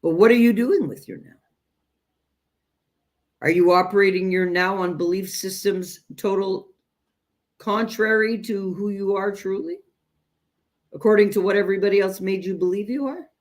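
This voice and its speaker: A woman gives a direct spiritual talk on self-growth, speaking emphatically and deliberately and calling her listeners "you guys." Her voice is mid-range.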